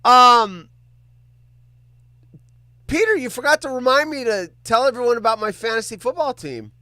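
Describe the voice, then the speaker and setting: A man hosts a casual livestream and chats with his viewers, joking and cursing as he reacts to their comments. His voice sits high and swings widely in pitch, and the close, dry recording keeps it clear and near. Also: moderate pace, no room sound. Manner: animated, joking, swears freely. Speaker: livestream host.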